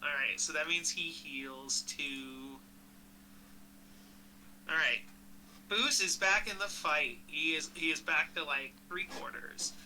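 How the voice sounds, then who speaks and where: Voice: mid-range voice, takes it slowly, pauses often, pushed and bright, slight background noise, poor audio. A casual, chatty game master running a tabletop game, laughing easily and correcting themselves mid-sentence.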